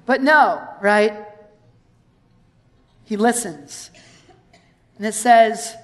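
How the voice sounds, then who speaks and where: A woman preaching a sermon in a conversational, animated way, reading verses and acting out scenes. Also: medium pitch, extremely slow, pauses often. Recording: long hall reverb.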